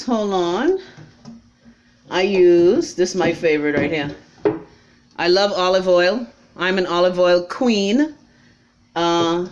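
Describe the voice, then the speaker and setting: A middle-aged woman from the Bahamas with a Bahamian accent, hosting a casual live stream and reading viewer comments in a blunt, sassy, chatty way. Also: mid-range voice.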